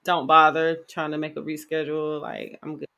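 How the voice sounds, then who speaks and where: A woman co-hosting a casual podcast, telling stories in an animated, slangy way and talking to her listeners. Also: low-pitched, fairly quick, creaky, dull audio. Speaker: podcast co-host. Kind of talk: casual chat, storytelling.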